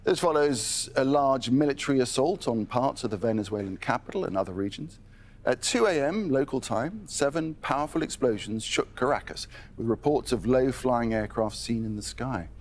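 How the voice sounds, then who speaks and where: A male news anchor reading a scripted broadcast in a measured, formal way. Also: medium pitch, animated.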